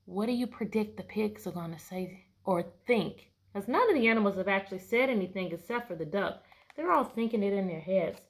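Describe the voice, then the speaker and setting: A woman's voice: medium pitch, a little fast. Woman teacher reading aloud to kids. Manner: asks many questions, bright storybook emphasis on narration. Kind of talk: picture-book read-aloud lesson for children.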